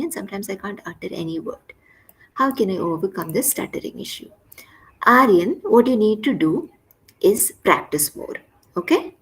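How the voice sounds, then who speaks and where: A woman's voice: medium pitch, low-quality recording. A woman instructor leading an online workshop session over a video call, patiently repeating key points and checking in with "right?". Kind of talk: online class teaching.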